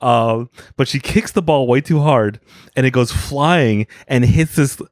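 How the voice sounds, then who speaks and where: This comedy podcast co-host has a medium-pitched voice and a measured pace, captured dry with clean studio sound. Grumpy and self-declared as hating everything, he tells rambling stories and acts out quotes in casual comedic chat.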